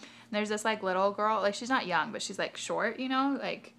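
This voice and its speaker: A woman's voice: mid-range voice, moderate pace, creaky, fairly bright tone. A young adult woman vlogger telling a rambling story in a casual way, full of fillers and asides.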